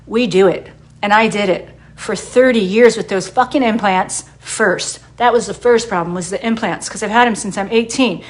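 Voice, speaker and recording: A woman's voice: mid-range voice, moderate pace. A middle-aged woman who works as a hairdresser, giving a blunt, heavily profane monologue and stressing points by repeating them. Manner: blunt and heavily profane, quoting herself in dialogue; emphatic, repeats herself for stress. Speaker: hairdresser and wellness advocate. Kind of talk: impassioned personal monologue to camera.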